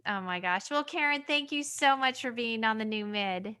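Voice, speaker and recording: A woman hosting a podcast interview over a video call, warmly asking questions and praising her guest. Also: on the high side, lively intonation, moderate pace, clear, resonant tone. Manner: enthusiastic, effusive praise. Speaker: podcast host. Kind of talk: interview chat.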